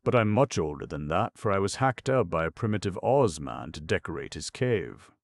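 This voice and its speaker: A man reads an ancient stone giant with a rasping, creaking voice that sits extremely low. He talks frankly and slowly, blunt and curious, in a dry, close audiobook recording. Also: big pitch swings, no echo. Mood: musing. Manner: frank and slow. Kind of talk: audiobook narration.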